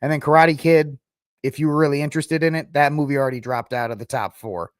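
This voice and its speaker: A man's voice: fairly high pitch, steady tone, fast, no echo, studio quality. A man hosting a podcast, talking casually and rambling through opinions, mocking and exasperated at times. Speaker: podcast host. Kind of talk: casual commentary.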